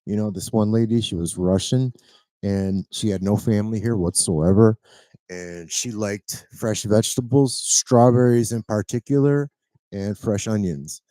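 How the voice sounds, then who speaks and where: A middle-aged man talks at home in an earnest, rambling way, leaning on fillers and tag questions. His voice sits fairly low. The sound is dry and close, with no room echo. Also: unhurried, dark tone. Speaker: medical transport driver. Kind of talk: casual storytelling to camera.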